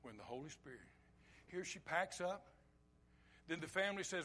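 A man with a notably high voice preaches a sermon. He moves between loud, emphatic lines and quiet, low asides, and slips into short acted-out bits of dialogue. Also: fairly quick. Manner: acts out short quoted dialogue.

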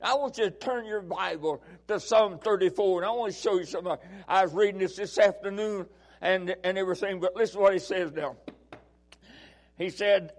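Preacher, high-pitched and fervent. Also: male voice, expressive, moderate pace. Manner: storytelling, rising to fervent shouted preaching. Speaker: pastor. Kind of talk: sermon.

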